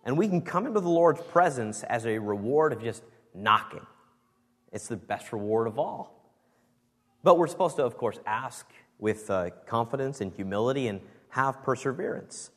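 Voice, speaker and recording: A man's voice: mid-range voice, expressive, normal speed. Earnest man preaching in a reverberant church. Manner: earnest, emphatic preaching with varied stress. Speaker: pastor. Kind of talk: sermon. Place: church sanctuary. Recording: long reverb of a church hall.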